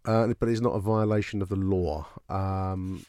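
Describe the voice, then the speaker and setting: A man chatting as a pundit in a radio studio, halting and repeating words with dry humour. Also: low-pitched, fairly even intonation, a little mellow, no room sound. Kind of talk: casual sports radio chat.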